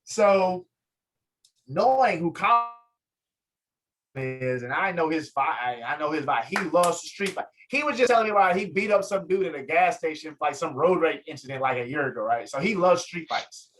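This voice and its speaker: A man, a guest on an interview show, telling a story with lively energy and acting out what others said. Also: normal speed, rough recording. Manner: lively, acts out quotes, swings pitch up in excitement. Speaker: guest, photographer and fighter. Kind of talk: animated storytelling in casual interview.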